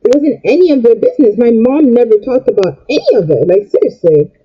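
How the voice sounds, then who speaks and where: A young woman rants in an emotional, rambling way while doing her makeup. Her voice sits high and sounds husky. The recording is dull and lo-fi. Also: very animated, a little fast. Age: young adult. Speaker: vlogger. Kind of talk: get-ready-with-me rant while doing makeup.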